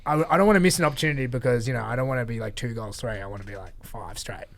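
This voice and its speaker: A man's voice: medium pitch, racing. An Australian man, a podcast guest, telling stories in casual chat with frequent laughs. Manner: animated storyteller, laughs often.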